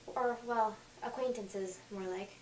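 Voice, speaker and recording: A woman acting an overeager, chatty teenage girl in an audition reading, talking in quick gushing bursts. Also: mid-range voice, a little mellow, slight background noise, pitched below the performer's own voice, close to an everyday voice. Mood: eager. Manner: rapid, overbearing chatter. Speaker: auditioning actress. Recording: echoey room, faint music, from far off.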